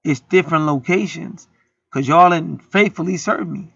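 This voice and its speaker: High gravelly dude preaching off the cuff, aave, cussing a lot, dry dull recording. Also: male voice, moderate pace, fairly bright tone, no echo. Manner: profane, heated, rants and acts out quotes. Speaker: internet preacher. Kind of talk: street-style preaching monologue.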